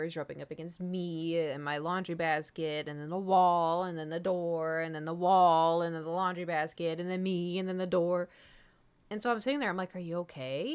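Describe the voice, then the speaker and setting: With a smooth, lowish voice, a woman streamer chats casually to her viewers. Her long, meandering story is stuffed with fillers and candid, blunt profanity.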